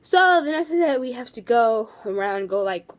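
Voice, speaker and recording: A woman's voice: on the high side, lively intonation, moderate pace. Gushing young woman telling a story. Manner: gushing, rambling, full of "like". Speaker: vlogger. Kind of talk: casual storytime vlog.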